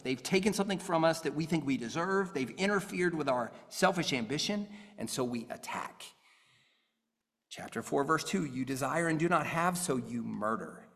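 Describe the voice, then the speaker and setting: Earnest pastor in a reverberant hall. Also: male voice, a little high, fairly bright tone. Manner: earnest, conversational preaching with everyday examples. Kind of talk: sermon.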